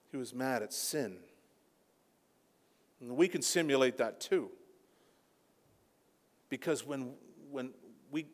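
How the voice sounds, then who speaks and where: A man preaching a sermon as a pastor, impassioned, rising to near-shouting peaks. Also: on the high side. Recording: long hall reverb.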